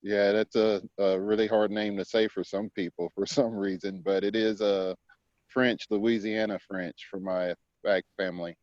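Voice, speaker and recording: A man answers in a friendly, light way, his voice low. He sounds a little far from the mic, and the audio is dry and dull. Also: flat delivery, normal speed, a little mellow, no echo.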